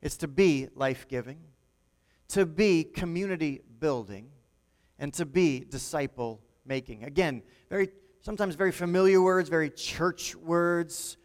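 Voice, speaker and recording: Pastor preaching in a reverberant hall. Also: male voice, fairly high pitch, unhurried. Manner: conversational, repeats and restarts often. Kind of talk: sermon.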